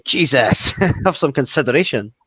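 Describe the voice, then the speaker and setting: Scottish man, lively pitch, laughs easily, casual chat, close dry mic. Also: normal speed, breathy edge, dry recording. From Scotland. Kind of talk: casual online group chat. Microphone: headset or desk mic, close.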